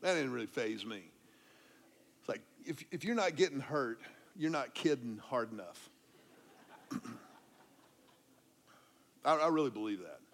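A middle-aged man, preaching a sermon as pastor and telling a story, dropping to a hush when he quotes himself comforting someone. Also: mid-range voice, animated, unhurried, pauses often.

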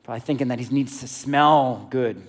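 Male preacher, sermon, animated storytelling, conversational, playful asides, mid pitch. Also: moderate pace.

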